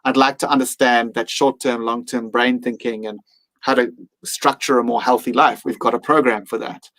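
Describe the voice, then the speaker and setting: A man's voice: mid-range voice, steady tone, moderate pace, fairly bright tone, low-quality recording. A man speaking as a podcast guest, reflective and earnest, sometimes acting out his own inner voice. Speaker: mindfulness teacher and guest.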